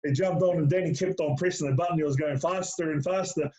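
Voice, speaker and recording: A man's voice: fairly high pitch, fairly even intonation, fast talker, a little mellow. A middle-aged man, a former player as interview guest, telling stories in casual chat, full of fillers and calling the host mate. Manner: storytelling with lots of fillers, calls the host mate. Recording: lo-fi dull sound.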